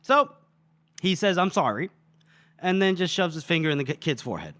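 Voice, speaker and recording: A man's voice: on the high side, expressive, a little fast, fairly bright tone. A man co-hosting a book podcast, retelling scenes in casual chat and acting out the characters' lines. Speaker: podcast co-host.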